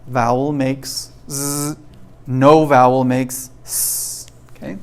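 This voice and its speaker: A male English teacher walks through a pronunciation rule at a whiteboard. He speaks very slowly and deliberately at an average pitch, repeating sounds and asking "okay?" again and again. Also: level tone, clean tone. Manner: slow, repetitive, checking in with "okay?".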